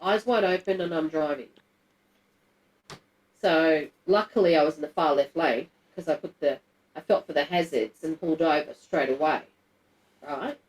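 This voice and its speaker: A woman's voice: deep voice, moderate pace, pauses often, rough recording. A middle-aged woman, telling a personal story to a group in a candid, blunt and emotional way, swearing freely. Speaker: guest telling her story.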